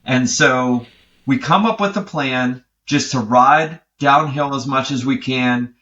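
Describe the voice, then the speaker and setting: Brief: podcast co-host, man, lively storyteller, bright tone. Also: mid-range voice, takes it slowly, dull audio. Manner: animated storytelling. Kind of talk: casual chat.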